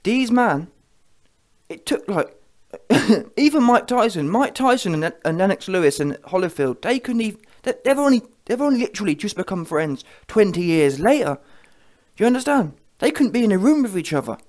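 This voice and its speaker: A man's voice: sits high, big pitch swings, moderate pace, darkish tone. Ranting man vlogging. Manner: heated, mocking, keeps asking the viewer "yeah?". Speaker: boxing commentary vlogger. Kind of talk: ranting reaction commentary.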